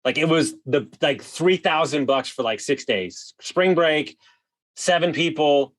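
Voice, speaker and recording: A man telling a wild story as a podcast guest, animated, swearing freely and full of "like" fillers. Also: fairly high pitch, unhurried. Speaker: guest, vacation rental host. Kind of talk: casual storytelling.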